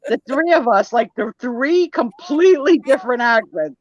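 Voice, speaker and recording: A woman hosting a live sale and chat, teasing her guests in playful, animated banter over a video call. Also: on the high side, moderate pace, dry recording, muffled recording. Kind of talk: casual live-stream chat.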